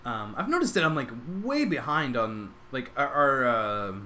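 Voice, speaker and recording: A man's voice: mid-range voice, sing-song, moderate pace, pushed and bright, a little hiss or hum. A young man streaming live, rambling casually as he reacts to his chat and to videos, with lots of "like" and restarts.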